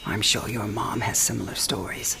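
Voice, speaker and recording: An actress playing an elderly mother on her last night alive, wry, teasing and frank, often speaking softly in a game cinematic. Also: extremely low pitch, steady tone, moderate pace, creaky, background noise, exaggerated voice. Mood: reflective. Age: older. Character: dying elderly mother, warm, sharp-witted, frank. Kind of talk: video game cinematic drama.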